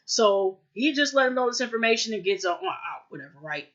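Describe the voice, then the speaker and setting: A woman's voice: fairly high pitch, animated, fairly quick, fairly bright tone, dull audio. A woman casually recapping a TV episode, rambling with lots of fillers and acting out quoted lines. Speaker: TV recap vlogger.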